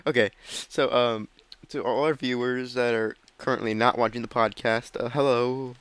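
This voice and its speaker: A young man hosts a podcast with a flat, monotone delivery that keeps stalling on ums and uhs. His voice sits in a middle register. It is recorded close to the mic and sounds dry, with no room around it. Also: medium pitch, normal speed, smooth, dry recording. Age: young adult. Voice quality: self-described monotone. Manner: hesitant, full of ums and uhs. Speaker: podcast host. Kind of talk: casual chat while streaming a game.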